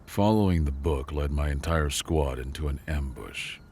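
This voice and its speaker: A man voicing a tired, sarcastic human janitor in a sci-fi story, speaking flat and deadpan. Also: extremely low pitch, moderate pace, a little hiss or hum.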